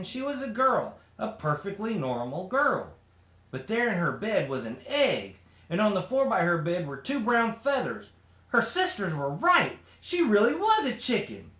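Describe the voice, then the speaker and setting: A man reading a children's picture book aloud in an expressive, animated way. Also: high voice. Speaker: storybook reader. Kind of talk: children's story read-aloud. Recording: roomy echo.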